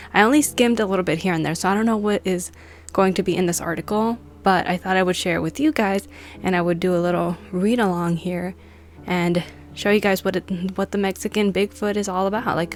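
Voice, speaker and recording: A young woman hosting a paranormal channel, chatting casually and reading an article aloud, her voice wavering and breathy. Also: mid-range voice. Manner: chatty, self-joking.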